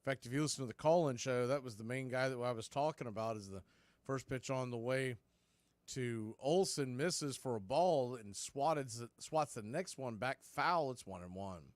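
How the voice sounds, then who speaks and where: A man doing radio play-by-play of a baseball game from a studio, calling pitches in a steady, conversational way with background asides. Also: normal speed, dry recording. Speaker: play-by-play announcer.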